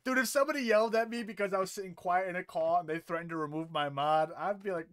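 Fast and nearly pause-free, this young commentary streamer reacts to clips in a high, slightly bright voice. He rants with profanity and incredulity, laughing in disbelief throughout.

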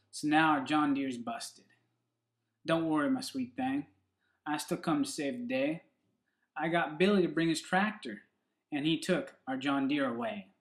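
A man's voice: a little high, a bit bright, reverberant. A man putting on a folksy Southern country husband. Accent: put-on Southern US. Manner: folksy, homespun drawl. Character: country man reciting a love poem to his wife.

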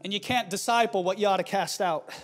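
High-pitched, fiery male pastor. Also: quick pace, soft background music. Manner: forceful preaching, shouted emphatic refrains. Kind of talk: fiery sermon.

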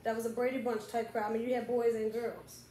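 A woman's voice: a little high, level tone, fast, mellow. A woman co-hosting a casual talk show, speaking supportively and reassuringly to her friend. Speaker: co-host. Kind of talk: casual chat. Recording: echoey room, faint noise.

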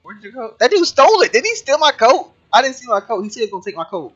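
A man's voice: extremely high pitch, very animated, rapid-fire, a bit bright, muffled recording, soft background music. A young man hosting a let's play, joking and incredulous, laughing often and using slang. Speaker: gaming video host.

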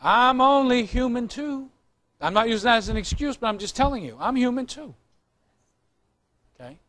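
A male pastor preaches in a high voice, loose and chatty, cracking jokes and teasing his congregation between points. He speaks to a live church crowd. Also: animated, normal speed, a bit bright. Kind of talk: sermon. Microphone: recorded on tape in the room.

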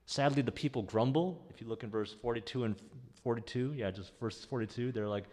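A man preaching a sermon as pastor, in a conversational, animated way. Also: medium pitch, normal speed, hardly any pauses, in a large hall. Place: church sanctuary.

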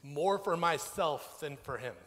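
A man's voice: on the high side, unhurried. Man preaching in a reverberant church. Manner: storytelling, animated, conversational preaching. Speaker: pastor. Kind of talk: sermon. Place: church sanctuary. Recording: long church hall reverb.

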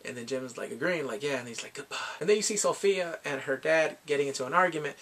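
Animated man recapping a TV episode. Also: on the high side, fast, few pauses, slight background noise. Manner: animated, bursts into shouts and playful quoted voices. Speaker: TV episode reviewer. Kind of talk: casual recap vlog.

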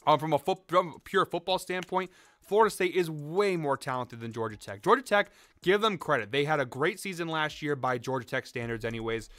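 Fast, fired-up young man. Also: a little high, a bit bright, no room sound, soft background music. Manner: hyped, rapid, salesy delivery. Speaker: sports betting show host. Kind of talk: energetic betting picks talk.

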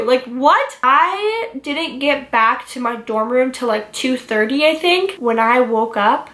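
A young adult woman telling a personal story to camera, emotional and rushed, with many filler words. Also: high voice, expressive, fairly bright tone, echoey room. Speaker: vlogger.

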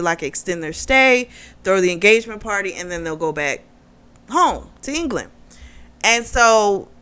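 Woman book reviewer, chatty and giggly, bright and smooth tone, retelling plots. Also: mid-range voice. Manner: chatty plot retelling, laughing often. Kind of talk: casual chat.

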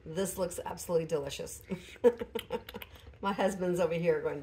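A woman vlogger chatting casually at home while unboxing a gift, pausing and laughing softly, still recovering from an illness. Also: fairly low pitch, fairly even intonation. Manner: chatty, hesitant, frequent small laughs. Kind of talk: casual chat.

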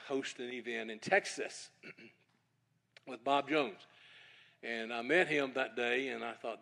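A middle-aged male preacher tells a humorous anecdote from the pulpit. He has a mid-pitched voice and a lively, conversational storytelling manner. He keeps stressing that every word is true. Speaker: conference speaker, preacher. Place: church, evening service.

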